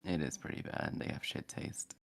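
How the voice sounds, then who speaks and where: A man heckling friends on a game stream with dry, mumbled remarks. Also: normal speed. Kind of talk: casual stream banter.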